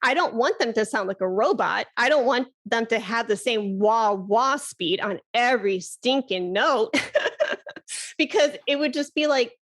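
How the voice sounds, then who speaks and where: Upbeat, fairly high-voiced woman flute teacher. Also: unhurried. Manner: enthusiastic, chatty, laughs often. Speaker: flute teacher and podcast guest. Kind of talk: casual podcast conversation.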